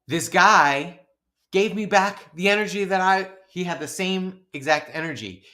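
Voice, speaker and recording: A man's voice: sits high, measured pace. A man co-hosting a podcast, telling a story in casual chat and acting out his own outbursts with laughter. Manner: animated, acts out his own shouting and laughs through stories. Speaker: podcast co-host.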